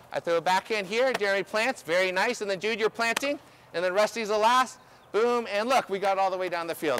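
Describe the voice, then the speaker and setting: Casting: high-pitched male coach, energetic and instructive, faint background hiss. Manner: energetic, instructive, checks in with "okay?". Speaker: ultimate coach. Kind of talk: outdoor coaching clinic demonstration. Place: outdoor field.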